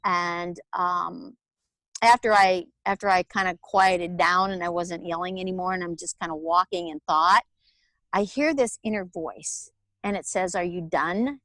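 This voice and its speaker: A woman, telling her personal story as an interview guest in a candid, animated way. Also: lowish voice, a little slow, no echo. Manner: candid, animated storytelling with laughs and acted-out quotes. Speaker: guest, author and alternative healer.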